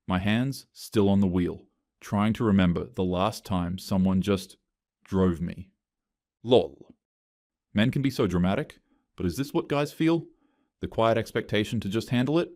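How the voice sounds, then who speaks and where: A man's voice: on the low side, moderate pace, a little mellow, no echo. A man narrating a scripted first-person story in short, dry, clipped phrases.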